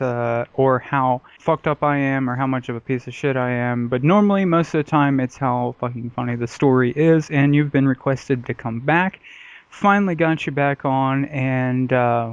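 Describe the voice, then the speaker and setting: A man's voice: medium pitch, clear, resonant tone, no echo. A man hosting a casual podcast, joking and profane and often mocking himself. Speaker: podcast host. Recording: dull dry lo-fi mic.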